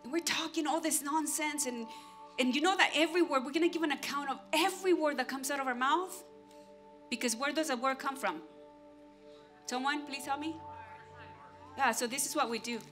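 A woman pastor giving an animated sermon, acting out everyday scenes and talking straight to the congregation. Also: high voice, brisk, pauses often, soft background music. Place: church stage.

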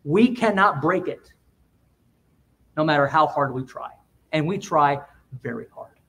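A man preaching a sermon in a church, emphatic, with quick asides and swings between loud and quiet. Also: fairly high pitch. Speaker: pastor.

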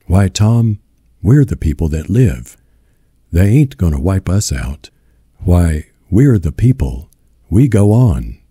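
A man voicing a weary, steadfast farm mother who soothes her son in a gentle rural drawl, in a storybook reading. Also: low voice, sing-song, slow, husky, dry recording, clean studio sound, heavily acted. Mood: soothing.

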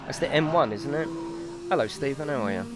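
Guy chatting on stream from his racing rig, lively up and down voice, exaggerated and sweary. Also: mid-range voice, brisk, very noisy. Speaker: streamer hosting races. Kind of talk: casual live-stream chat. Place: home room in racing rig.

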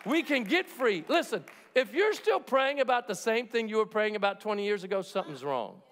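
A man's voice: sits high, sing-song, a little fast, a bit bright. A man preaching a sermon as pastor, in an emphatic and jokey way, acting out the people he quotes. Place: large church sanctuary. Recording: long reverb of a church hall.

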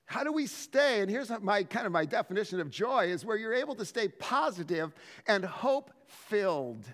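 High, animated male pastor preaching. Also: normal speed, in a large hall. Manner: animated storytelling with frequent word restarts. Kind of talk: sermon.

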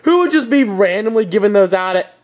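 A young man voicing a bratty, impatient young prince in a fan puppet video, with a whiny, complaining, animated manner. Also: high-pitched, a little fast.

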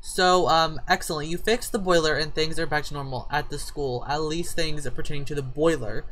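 Bright-voiced woman chatting over gameplay. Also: low-pitched, brisk, faint music behind. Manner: chatty, talks to game characters like a scolding parent. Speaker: gaming YouTuber. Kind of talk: casual life-sim let's play commentary.

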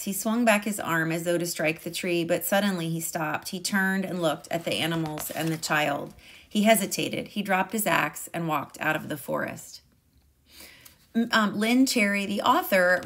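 A woman teacher reading a picture book aloud to a class in a calm, measured way. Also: on the low side.

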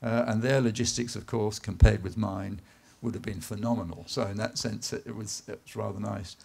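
A man from England with a lowish, gravelly voice gives a live slide talk. He tells it as loose anecdotes, unhurried, with plenty of "uh"s, and now and then his voice falls quiet. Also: steady tone. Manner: unhurried, anecdotal, with filler "uh"s and dips to a soft voice. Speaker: speaker at an art event. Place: event space in a garden venue.

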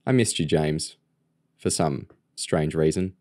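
A man voicing an affectionate ten-year-old girl in a storybook reading, with a soft, fond delivery. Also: rumbling low, slow, dry recording, clean studio sound, exaggerated voice.

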